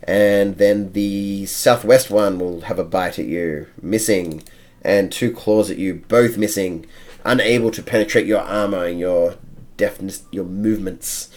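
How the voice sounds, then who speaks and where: A man's voice: deep voice, a little slow, a little mellow. A man running a tabletop game as game master, narrating the action and counting out moves step by step.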